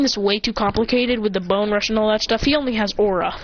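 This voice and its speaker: A woman's voice: mid-range voice, fast, lo-fi sound, a little hiss or hum. A woman casually narrating an improvised fan-fiction story, rambling and correcting herself as she goes. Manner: rambling, self-correcting, giggly.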